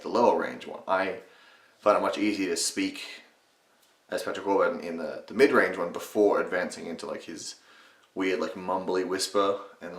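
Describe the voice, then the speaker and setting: Low-voiced young man, casual tutorial. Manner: rambling and casual, with swearing and restarts. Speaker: channel host teaching impressions. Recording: echoey room.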